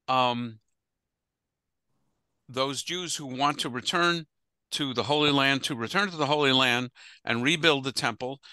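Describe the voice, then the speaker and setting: A rabbi leads an adult study class over a video call, his mid-range voice very bright and clean, close and dry with no room around it. His casual adult-education lecture is chatty and full of digressions, and he laughs easily.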